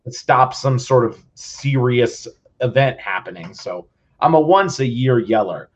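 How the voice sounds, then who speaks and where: A man's voice: medium pitch, lively intonation, measured pace. A man who is a teacher, hosting a casual podcast conversation in an easygoing, agreeable way. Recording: slightly dull, lo-fi audio.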